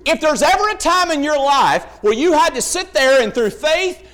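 A man's voice: very high voice, lively intonation, normal speed, fairly bright tone. A man preaching a sermon, emphatic, telling stories and acting out the voices in them.

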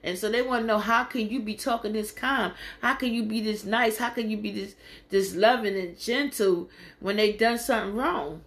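A woman's voice: mid-range voice, moderate pace, a bit bright. Folksy woman preaching a casual sermon. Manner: folksy, talks straight to listeners with scripture; preachy and encouraging. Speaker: podcast preacher. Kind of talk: informal sermon.

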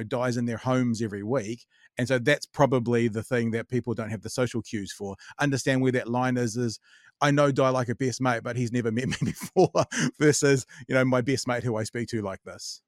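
A New man hosts a relaxed podcast conversation in a mid-range voice. He thinks aloud, sums up his guest's points and chips in with steady agreement. The recording is dry and close. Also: mid-range voice, no echo. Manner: reflective, sums up the guest, many quick yeahs. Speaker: podcast host. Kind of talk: casual podcast chat.

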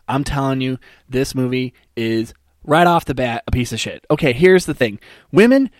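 A man's voice: medium pitch, lively intonation, normal speed, no echo. Male comic reviewer, sarcastic and crude, dry unroomy voice. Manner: sarcastic, profane, mocking. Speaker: movie reviewer. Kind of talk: comedic movie rant.

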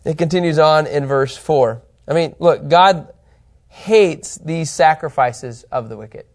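A man teaching an informal Bible lesson, animated and chatty, often checking in with his listeners and his co-host. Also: fairly high pitch, takes it slowly.

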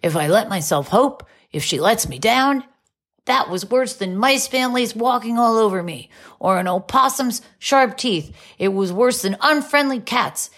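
A woman narrating a children's storybook from a dog's point of view, gentle and expressive, rising high when surprised. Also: unhurried.

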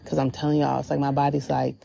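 A woman with a low, mellow voice talks through a casual spiritual reflection. She speaks candidly and chattily, her sentences full of "like" fillers. She is recording outdoors at a beach. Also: level tone, quick pace, gravelly, slight background noise. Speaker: podcast host.

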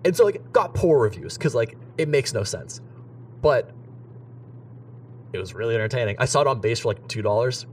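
A man's voice: medium pitch, animated, moderate pace, long pauses, a little mellow, recorded from a distance, slight background noise. A young man co-hosting a casual podcast chat, rambling and filling his talk with "like". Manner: rambling, heavy use of "like". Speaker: podcast co-host.

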